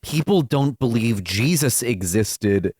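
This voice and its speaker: A man rambles through stories in casual podcast chat. His pitch is middling but moves a lot. The sound is close and dry. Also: lively intonation, takes it slowly, a little mellow, slightly rough, no echo. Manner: rambling storyteller with loose fillers. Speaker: podcast co-host. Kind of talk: casual chat about a film.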